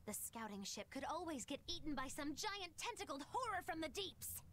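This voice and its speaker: A woman's voice: sits high, very animated, moderate pace, fairly bright tone, a little hiss or hum. A woman voicing a seasoned pirate woman who talks in a dry, teasing, cautionary way in game dialogue. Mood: wry.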